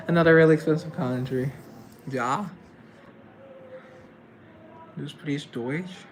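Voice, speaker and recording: A man's voice: fairly high pitch, normal speed, a little hiss or hum. A man from Colombia chatting casually on a live stream, answering viewers' comments in a chatty, theatrical way.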